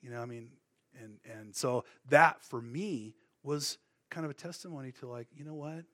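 A man's voice: medium pitch, moderate pace, bright, forceful tone. A middle-aged man preaching, telling his testimony in a casual, rambling way full of fillers and restarts. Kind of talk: sermon with personal testimony.

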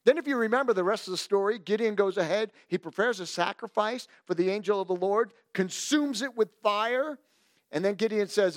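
A man's voice: high-pitched, a little fast, no echo, studio quality. A male pastor preaching a sermon, reading scripture and adding playful asides. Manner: animated, playful asides, reads scripture aloud.

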